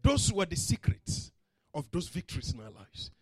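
A man preaching a sermon to a church congregation, dramatic and full of story voices, dropping to a hush and rising to shouts. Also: a little high, huge pitch swings, normal speed, breathy edge, dry recording. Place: church service.

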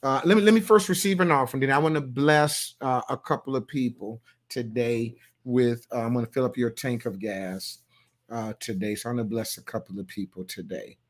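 Folksy pastor chatting with online viewers. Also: male voice, mid-range voice, steady tone, fairly quick. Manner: loose, folksy, playful, with sudden loud bursts. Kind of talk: livestream sermon talk reading viewer comments.

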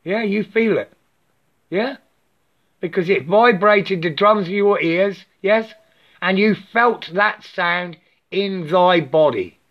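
A mid-range voice speaks slowly through an angry solo rant, captured in a dull lo-fi recording. Its English is clipped and broken, with articles left out and "yeah?" added to lines, while frequent swearing drives home the heated venting.

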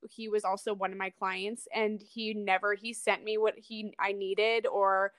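A young woman co-hosting a podcast in casual chat, supportive and quick to chime in with short reactions. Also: medium pitch, flat delivery, a bit bright, dry recording. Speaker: podcast co-host.

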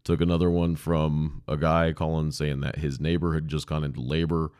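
A man's voice: a bass voice, little pitch movement, normal speed, a little mellow, clean tone, dry recording, clean studio sound. A man, a podcast host, telling a story about his old job in a candid, casual way with frank swearing. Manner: candid, profane, conversational. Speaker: podcast host, former 911 dispatcher.

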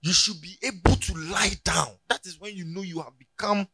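Brief: Ghanaian preacher, slightly high voice, animated storytelling, emphatic. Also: male voice, normal speed, vocal fry, breathy edge, no room sound. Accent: Ghanaian English. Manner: animated, storytelling, rising to loud emphatic peaks. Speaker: pastor. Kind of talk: sermon with anecdotes. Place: church.

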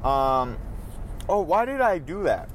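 A man's voice: fairly high pitch, very animated, takes it slowly, a little hiss or hum. A man hosting his own podcast as a casual, rambling vlog, cursing and complaining while driving and shopping. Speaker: podcast host. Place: car and store, on the go.

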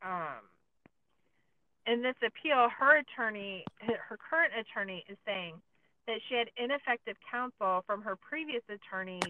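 A woman's voice: mid-range voice, expressive, normal speed. A woman co-hosting a podcast, recapping a documentary in casual chat, with many filler likes and sarcastic asides. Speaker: podcast co-host. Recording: tinny phone-like sound, dry.

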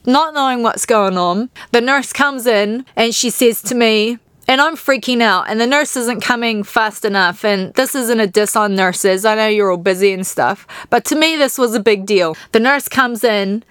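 A woman's voice: a little high, normal speed, few pauses, a bit bright, clean tone, no echo, studio quality. A woman from New Zealand with a New Zealand accent, hosting a podcast and candidly, emotionally retelling personal stories. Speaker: podcast host.

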